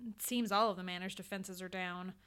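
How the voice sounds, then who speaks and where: A composed young man answers in a quiet, sighing, matter-of-fact tone, as a woman narrator voices him. He sounds unhurried and steady in a spoken storybook. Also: lowish voice, clear, resonant tone, close to an everyday voice. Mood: calm.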